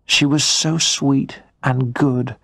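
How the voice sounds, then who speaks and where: Brief: male narrator, slow deliberate storybook reading, dry close sound. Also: mid-range voice, steady tone, a bit bright, no room sound. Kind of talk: scripted story narration for English learners.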